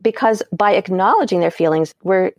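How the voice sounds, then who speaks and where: A woman's voice: mid-range voice, expressive, moderate pace, no room sound, clean studio sound. A woman parent educator as an interview guest, explaining ideas and acting out example phrases with light laughs.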